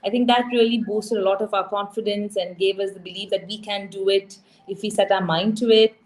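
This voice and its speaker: A young woman from India, a TV presenter, telling her story as an interview guest in an animated, emotional way, acting out quoted dialogue. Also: mid-range voice, brisk, rough recording.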